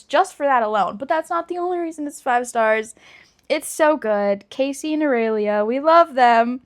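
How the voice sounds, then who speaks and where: A woman in her thirties, a book vlogger chatting casually and emotionally, with dramatic emphasis. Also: high-pitched. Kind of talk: casual chat.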